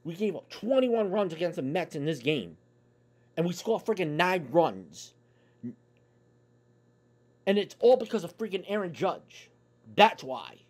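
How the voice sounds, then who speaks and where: A man's voice: high-pitched, very animated, measured pace, long pauses, a little mellow. A man delivering a profane, angry sports fan rant on his YouTube channel, swearing in nearly every sentence.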